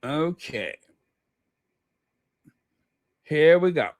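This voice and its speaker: Lively, unhurried woman commentator. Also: low voice, no room sound, clean studio sound. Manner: chatty, teasing, fumbling with clips. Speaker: commentary channel host. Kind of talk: casual commentary over clips.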